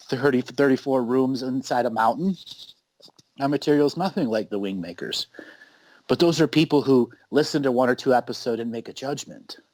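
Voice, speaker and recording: A man's voice: medium pitch, darkish tone, no echo, rough recording. A man hosting a casual conversation, talking in an emphatic, insistent way. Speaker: host.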